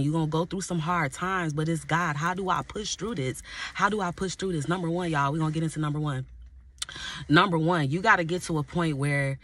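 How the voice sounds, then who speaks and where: A woman who is an inner healing coach, preaching motivation to her viewers, repeating her points emphatically, speaking casually and breaking into spoken prayer. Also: low-pitched. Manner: repetitive, emphatic, turns to pray aloud mid-talk; casual colloquial address to viewers.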